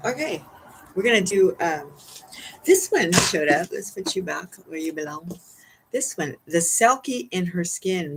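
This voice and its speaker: A spiritual card reader talks through an oracle card reading at home. The voice sits at a middling pitch, rambling and giggly, with many fillers. A faint hum runs underneath. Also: rough recording.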